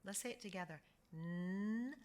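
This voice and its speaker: An American woman teaching a slow, encouraging phonics pronunciation lesson, drawing out each sound for learners to repeat. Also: fairly low pitch, animated, pushed and bright. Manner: drawn-out modeling of sounds, encouraging.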